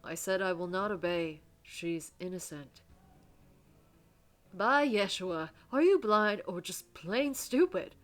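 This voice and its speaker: A woman's voice: on the low side, normal speed, few pauses, close to an everyday voice. Woman voicing a loyal wounded giant guard. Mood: defiant. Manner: earnest, steady, resolute.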